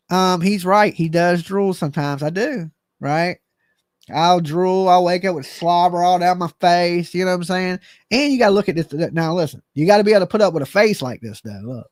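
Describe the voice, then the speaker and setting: A man's voice: sits high, normal speed, no echo, studio quality. A middle-aged man hosting a live stream, reading chat comments and joking in a goofy, self-mocking, slangy way.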